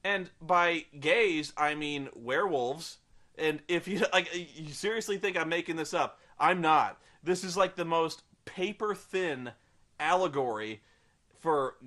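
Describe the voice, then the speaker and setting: Male film reviewer, sarcastic and rambling, with a bright, slightly high voice. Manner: sarcastic, rambling, with frequent restarts. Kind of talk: comedic film review rant.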